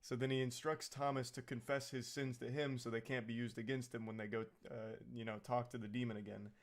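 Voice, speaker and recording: A man's voice: medium pitch, flat delivery, a little fast. A man giving a casual, comedic movie recap, rambling and sarcastic, with plenty of swearing.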